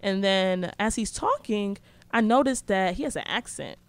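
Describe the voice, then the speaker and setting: A woman's voice: medium pitch, lively intonation, normal speed, dry recording. A young woman telling a story in casual, slangy speech, blunt and sarcastic.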